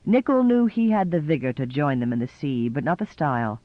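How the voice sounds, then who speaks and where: A man's voice: on the high side, sing-song, a little fast, hardly any pauses, no echo. Man narrating a novel, dry lo-fi sound. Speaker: audiobook narrator. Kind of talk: scripted narration.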